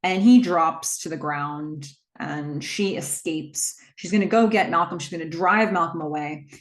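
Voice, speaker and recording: Woman, casual movie recap, chatty, breezy asides, lowish voice. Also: measured pace, reverberant. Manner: chatty, breezy retelling with asides and little acted quotes.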